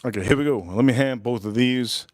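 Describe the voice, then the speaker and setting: Here a man in a home kitchen or backyard films point of view while hosting a casual live stream about cooking and whiskey. His voice sits mid-range and moves briskly in a dry recording, and he meanders, echoes his own lines, and cracks himself up with his stories.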